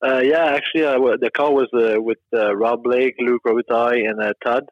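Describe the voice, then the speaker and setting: A young man with a Québécois French accent, French his first language, speaking haltingly as an interview guest over a remote line. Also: mid-range voice, fairly even intonation, dry recording, lo-fi sound. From Quebec. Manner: halting, friendly, many fillers. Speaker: hockey player guest.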